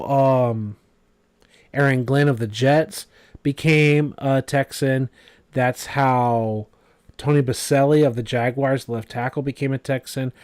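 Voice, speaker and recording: A man's voice: medium pitch, darkish tone, no room sound. A man giving casual, rambling commentary over a video game, full of fillers and asides. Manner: rambling, filler-heavy, conversational.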